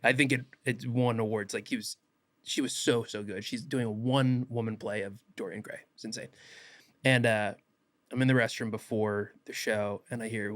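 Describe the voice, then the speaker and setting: A young man, an actor guest on a podcast, telling stories in a casual animated way and acting out quotes. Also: mid-range voice, moderate pace, dry recording. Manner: animated, laughs often, acts out quotes. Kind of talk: casual podcast interview storytelling.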